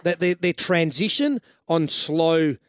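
A man's voice: fairly high pitch, lively intonation, slow, no echo, clean studio sound. A middle-aged Australian man on sports radio, explaining football tactics in a rambling way and restarting his sentences as he goes. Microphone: studio microphone.

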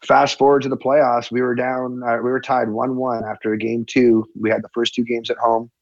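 A former hockey player telling a story in a casual chat, acting out the quotes with a raised voice. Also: male voice, medium pitch, normal speed, no echo, muffled recording. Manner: animated, acts out quotes with a raised voice.

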